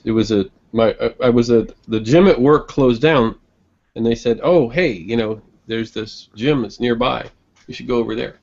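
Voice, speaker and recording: A man chatting casually in an online group hangout, rambling with many restarts and quick chuckles. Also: fairly low pitch, gravelly, a little mellow. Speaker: online hangout participant and blogger. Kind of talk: casual group video chat. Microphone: computer mic on a video call. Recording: muffled lo-fi call audio.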